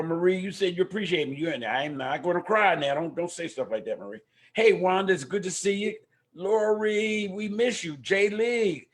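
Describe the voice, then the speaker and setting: Energetic older man hosting a livestream. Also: on the high side. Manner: warm preacher-like exhortations. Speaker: host of a community talk show. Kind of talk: casual livestream talk. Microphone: microphone at home.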